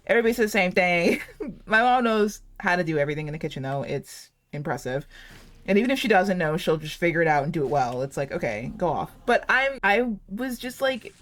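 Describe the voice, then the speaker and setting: A woman's voice: lowish voice, animated, fairly quick, a bit bright. A woman in her late twenties chatting casually over gameplay, rambling and giggly, saying "like" a lot. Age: late 20s. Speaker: gaming channel host.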